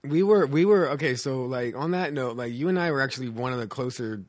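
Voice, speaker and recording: A man's voice: mid-range voice, a little fast. A young man, a podcast guest, telling stories casually with lots of fillers. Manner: rambling, filler-heavy. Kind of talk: casual storytelling chat.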